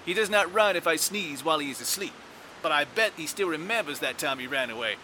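An actor playing a chatty zoo train conductor giving folksy, rambling tour patter. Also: male voice, a little high, animated, fairly quick, sharp tone, a little hiss or hum.

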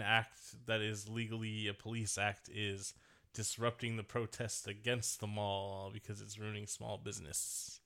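A young man chatting loosely as a podcast co-host, with a bright, forward tone. He rambles from one thought to the next, laughs often and swears without a second thought. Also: lowish voice, little pitch movement, unhurried. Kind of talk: casual chat.

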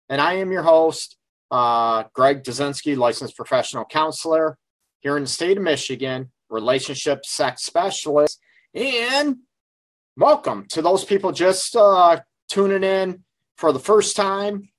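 A man's voice: on the high side, fairly bright tone, no echo. A middle-aged man hosting a casual live call-in radio show from his office, talking frankly and rambling with lots of fillers. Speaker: radio show host and relationship counselor.

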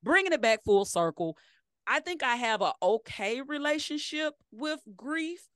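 A middle-aged woman, telling profane, animated stories as a podcast co-host. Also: sits high, unhurried, clear, resonant tone, no room sound, clean studio sound. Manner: animated, profane storytelling with acted-out quotes. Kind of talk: casual chat.

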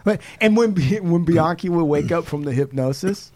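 A man co-hosting a podcast, casually retelling a true-crime story, animated and swearing freely as he acts out quotes. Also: fairly high pitch, normal speed. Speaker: podcast co-host.

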